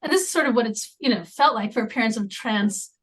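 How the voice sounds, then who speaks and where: A woman speaking as a podcast guest in a conversational interview, halting, with many fillers and restarts. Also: fairly high pitch, breathy edge. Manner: drops into near-whispers at times.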